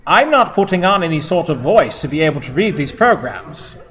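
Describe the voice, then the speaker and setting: A man's voice: on the high side, sing-song, fairly quick, fairly bright tone. A man hosting a live fan-fiction reading for an audience, speaking in a formal, mock-pompous way. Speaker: panel host. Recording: long hall reverb, dull sound.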